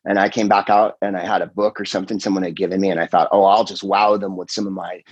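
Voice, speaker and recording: A husky middle-aged man with a fairly low voice, chatting casually on a podcast. He rambles through stories, slips into quoted voices and swears freely. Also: flat delivery, quick pace, dry recording, highs cut off. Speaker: comedian and podcast host. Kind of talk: casual chat.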